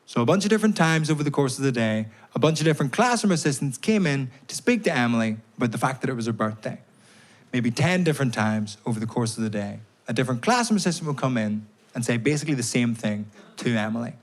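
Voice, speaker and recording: A man doing a stand-up routine, telling stories in a deadpan way with timed pauses, on stage at a live comedy venue. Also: medium pitch. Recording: live show recording with audience noise.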